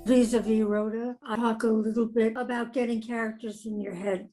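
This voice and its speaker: A woman's voice: fairly high pitch, little pitch movement, moderate pace, dark tone, faint music behind, rough recording. An older woman, a TV comedy writer, telling stories in conversation, acting out quoted voices and laughing often. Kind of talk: conversational storytelling.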